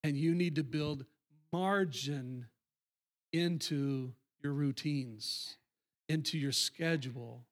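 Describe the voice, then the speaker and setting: A man's voice: a little high, slow. A middle-aged man preaching a sermon to his congregation, talking conversationally and repeating phrases for emphasis. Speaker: pastor. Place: church sanctuary.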